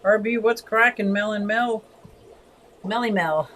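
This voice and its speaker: An older woman hosts a casual fish livestream from home, chatting as she reads comments. Her voice sits at an ordinary middle pitch, lively one moment and soft the next. A faint background hum runs under her talk. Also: a little slow, low-quality recording. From Pennsylvania, USA. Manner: chatty and expressive, often sways between lively and soft. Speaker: livestream host.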